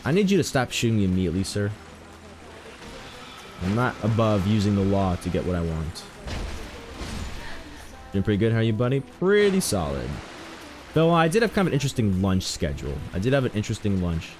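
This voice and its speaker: A man's voice: lowish voice, fairly quick, long pauses, slight background noise. A young man chatting casually while streaming a game, joking, rambling and telling stories to his chat. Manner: joking, rambling, animated storytelling.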